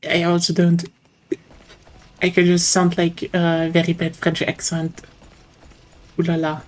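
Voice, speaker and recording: A woman's voice: lowish voice, monotone, measured pace. A woman playing a game with a friend on stream, chatting casually and teasing her playfully. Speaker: co-player. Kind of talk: casual gaming chat.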